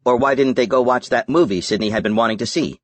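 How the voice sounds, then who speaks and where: A man narrating a novel as an audiobook in a measured, even reading. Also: mid-range voice, no echo. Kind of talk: scripted narration.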